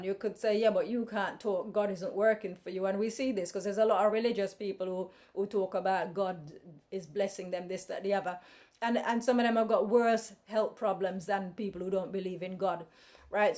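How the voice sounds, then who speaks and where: A woman's voice: mid-range voice, a little mellow. A woman, talking in a casual personal monologue, blunt and outspoken, rambling with many restarts. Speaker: podcast host.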